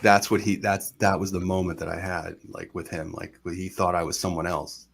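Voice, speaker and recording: A man's voice: deep voice, normal speed, vocal fry, very noisy. A man telling a long personal story on a live talk show, rambling and acting out what people said. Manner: rambling, animated retelling with quoted voices. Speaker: guest storyteller.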